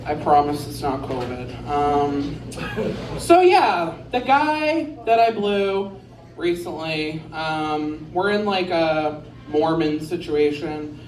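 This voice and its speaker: A woman's voice: low voice, background noise. A woman doing a stand-up set in a bar, rambling and crude, mocking herself on a handheld mic. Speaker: stand-up comedian. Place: bar with a live audience. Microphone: handheld stage mic. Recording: roomy bar, distant mic, crowd laughter.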